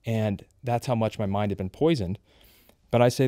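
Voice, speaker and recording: A man's voice: fairly low pitch, moderate pace, mellow, no echo, studio quality. A man in his thirties, a podcast guest, telling his personal story in an earnest, confessional way. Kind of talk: candid personal testimony.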